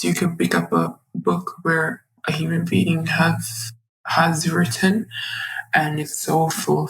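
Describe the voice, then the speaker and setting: A woman guest on a podcast, earnestly telling a personal story of faith, halting and restarting, often dropping close to a whisper. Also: low voice, slightly rough, low-quality recording.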